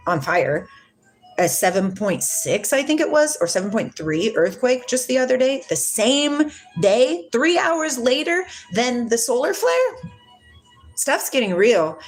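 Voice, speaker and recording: A woman hosting a casual spiritual livestream from home. She rambles from topic to topic and reads viewer comments aloud. Her pitch jumps around a lot as she gets worked up. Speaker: livestream host.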